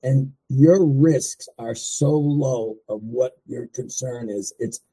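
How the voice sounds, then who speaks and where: A man's voice: mid-range voice, takes it slowly, warm tone, slightly rough, rough recording. A man co-hosting a talk show, speaking bluntly and dismissively while reassuring the host. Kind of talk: talk radio commentary.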